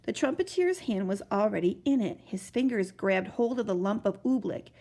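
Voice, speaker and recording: A woman's voice: medium pitch, moderate pace. A woman expressively reading a children's storybook aloud. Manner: expressive, animated narration.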